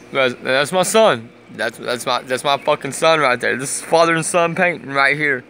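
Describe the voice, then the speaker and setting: A man's voice: medium pitch, normal speed, fairly bright tone, slight background noise. A man vlogging casually on his lunch break, talking in laid-back slang and fondly to his dog. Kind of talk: casual vlog chat. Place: work site on a lunch break.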